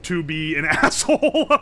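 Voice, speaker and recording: A man's voice: high-pitched, bright, forceful tone, a little hiss or hum. A man streaming live, reading his chat aloud and reacting in a joking, profane way. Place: home streaming setup.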